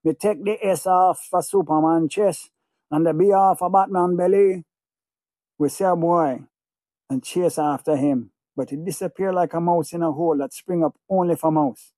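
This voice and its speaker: A man's voice: a little high, normal speed, mellow, no room sound. A man narrating an audiobook in the first person, in a feverish, obsessive way with heavy repetition.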